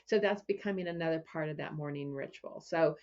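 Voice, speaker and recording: Low-voiced woman coach, muffled audio. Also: brisk. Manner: relaxed storytelling, restarts phrases. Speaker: business coach, podcast guest. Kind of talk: casual interview chat.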